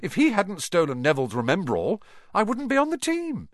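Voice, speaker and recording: A man's voice: high voice, wildly swooping pitch, normal speed, a bit bright, no room sound, studio quality, voice pushed up, heavily acted. A man voicing a gleeful young wizard schoolboy who can barely keep from laughing. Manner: chortling, gleeful.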